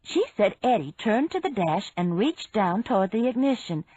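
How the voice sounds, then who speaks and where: A woman narrating a mystery audiobook in an unhurried, expressive reading. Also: mid-range voice, slightly rough, no room sound. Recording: dry, dull lo-fi sound.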